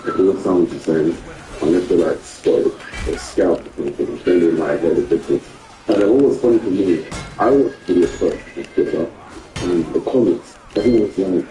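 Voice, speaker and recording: A man's voice: low-pitched, moderate pace, warm tone, roomy sound, soft background music, poor audio. A British man giving a casual, chatty reaction commentary with loose, amused phrasing. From Britain.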